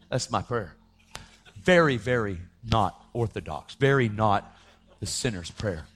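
A man giving a testimony sermon in casual slang, acting out the voices he quotes and sometimes breaking into shouts. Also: on the low side, unhurried, breathy edge. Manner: animated, acts out quoted voices, slips into shouts; casual slang, calls listeners dude. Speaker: preacher giving his testimony.

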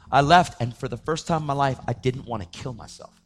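A man giving a testimony sermon in casual slang, acting out the voices he quotes and sometimes breaking into shouts. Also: medium pitch, fairly quick. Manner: animated, acts out quoted voices, slips into shouts; casual slang, calls listeners dude. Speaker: preacher giving his testimony.

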